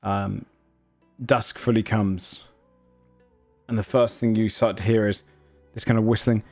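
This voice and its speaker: A man's voice: on the low side, level tone, measured pace, a little mellow, faint music behind. A man narrating a tabletop game as game master, loose and hesitant, full of fillers.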